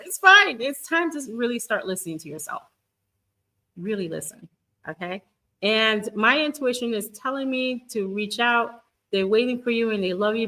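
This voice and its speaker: A woman's voice: mid-range voice, poor audio. A middle-aged woman coaching viewers in a live stream, talking to them directly in an encouraging way, with many restarts. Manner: warm, encouraging, talks straight to viewers. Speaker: twin flame guidance coach.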